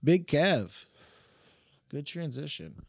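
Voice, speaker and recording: A man's voice: a little high, expressive, takes it slowly, gravelly, slightly rough, dry recording, clean studio sound. A man hosting a podcast in casual chat, talking loosely with lots of swearing and "you know what I mean" fillers. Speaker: podcast host.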